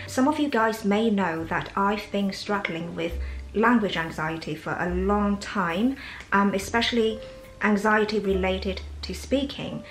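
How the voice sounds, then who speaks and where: A woman from China speaking English with a learned British accent, talking candidly and reflectively as a vlog host, with soft fillers and a Chinese mother tongue. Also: medium pitch, unhurried. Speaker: English teacher and channel host. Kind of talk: casual personal vlog monologue. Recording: roomy echo with faint background music.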